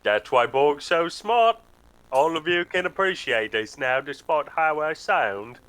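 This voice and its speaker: A man's voice: on the high side, unhurried, smooth, poor audio. A man playing a tabletop game, chatting in a playful, joking way. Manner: playful, joking, lively delivery. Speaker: player. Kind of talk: casual chat at a game table.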